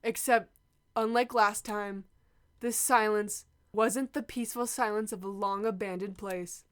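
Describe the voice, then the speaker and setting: A woman's voice: medium pitch, fairly even intonation, unhurried, a bit bright, clean tone. A woman playing a murder-mystery game, reading narration aloud and breaking into shrieking emotional reactions. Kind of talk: let's play commentary with read-aloud narration.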